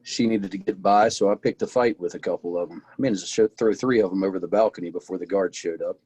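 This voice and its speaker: A man playing a tabletop game, telling his character's story in a relaxed way. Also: low-pitched, fast talker, breathy edge. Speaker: player. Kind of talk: tabletop role-play in character.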